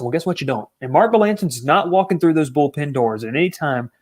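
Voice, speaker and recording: A man co-hosting a casual sports talk show, ranting with animated exasperation. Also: fairly high pitch, quick pace. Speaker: co-host.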